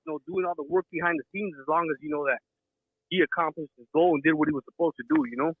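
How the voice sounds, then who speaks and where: A man calling in to a radio show, chatting excitedly in slang and mixing in Spanish words. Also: a little high, racing, husky, no room sound. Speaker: caller. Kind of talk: casual phone-in chat. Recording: tinny phone line.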